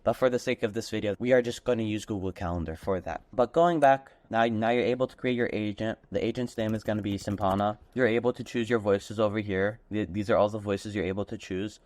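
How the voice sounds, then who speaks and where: Low-voiced man walking through software. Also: a little fast, few pauses, no room sound. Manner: casual, step-by-step, repeats "and then". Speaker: tutorial host. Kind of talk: screen-recorded software walkthrough.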